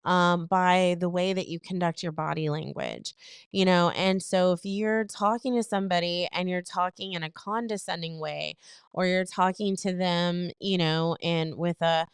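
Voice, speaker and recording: A woman co-hosting a casual relationship advice podcast, chatty and full of fillers, acting out what people say in quick little retellings. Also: fairly low pitch, fairly even intonation, clean tone, no room sound, studio quality. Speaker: podcast co-host.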